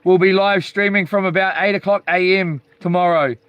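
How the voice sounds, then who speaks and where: A man's voice: high-pitched, steady tone, normal speed, smooth, no room sound, highs cut off. A man hosting a casual live stream outdoors by the sea at night, rambling and hesitant with many ums. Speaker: channel host live-streaming.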